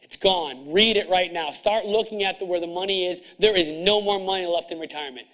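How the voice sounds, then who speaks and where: A middle-aged man with a high voice lectures a seminar crowd in a blunt, hard-driving way, stacking up rhetorical questions. The recording is dull and lo-fi. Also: fairly quick, fairly bright tone. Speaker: chiropractor coaching other chiropractors. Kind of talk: seminar speech to an audience.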